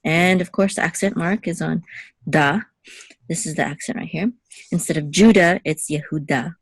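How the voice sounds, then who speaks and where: Low-voiced woman teaching Hebrew patiently. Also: steady tone, moderate pace, breathy edge, no echo. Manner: patient, checks in with okay. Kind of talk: one-on-one language lesson.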